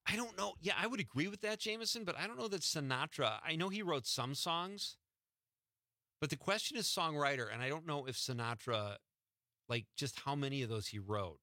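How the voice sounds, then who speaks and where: A man's voice: a little high, expressive, fairly quick, pushed and bright, no room sound. A man hosting a radio show from the studio, chatting casually and teasing his co-host. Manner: joking, teasing.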